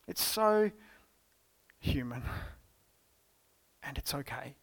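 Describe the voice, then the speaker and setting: A man with an Australian accent preaching a church sermon, telling the story expressively and moving between loud exclamations and hushed tones. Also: on the high side, animated, slow pace, vocal fry, long pauses, slightly rough. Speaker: pastor. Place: church service.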